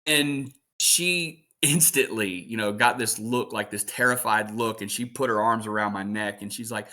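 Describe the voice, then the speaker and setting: Man, 30s, interview guest, chatty storyteller, bright voice. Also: medium pitch, moderate pace, hardly any pauses. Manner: animated storyteller. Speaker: guest voice actor and streamer. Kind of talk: casual interview chat.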